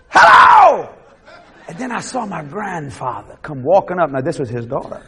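A Cajun man preaching, telling a story animatedly, shouting out the voices he quotes and laughing often. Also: on the high side, slightly rough. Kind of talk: sermon storytelling.

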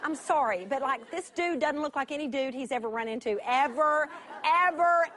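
A woman teaching from scripture in an animated, lively sermon, laughing as she tells the story. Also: high voice, fairly quick. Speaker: Bible teacher.

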